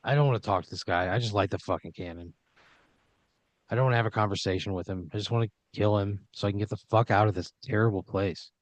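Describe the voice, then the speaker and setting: A man in casual podcast banter who answers bluntly and with open irritation, swearing as he goes. His voice is on the low side. It is recorded close and dry. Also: fast, no room sound. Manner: blunt, grumpy, swears freely. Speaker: podcast co-host playing the story's hero.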